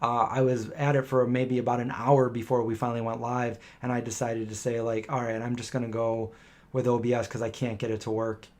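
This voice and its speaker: Middle-aged guy doing a live q&a stream, normal mid pitch, rambly storyteller who acts out what people said. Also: little pitch movement, fairly quick, darkish tone. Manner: rambling anecdotal storytelling, acting out quoted voices. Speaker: live stream host answering viewer questions. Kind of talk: casual live Q&A chat.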